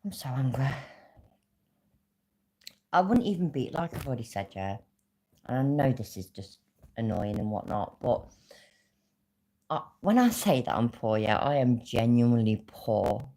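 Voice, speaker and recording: Very low-voiced angry woman. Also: big pitch swings, normal speed, warm tone. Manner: angry, swearing, vexed. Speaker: livestream host. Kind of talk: casual livestream rant.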